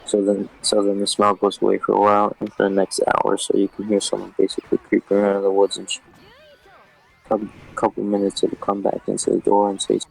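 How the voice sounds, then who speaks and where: A man reading a scary story aloud in a casual, flat delivery, swearing often. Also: on the low side, creaky, poor audio.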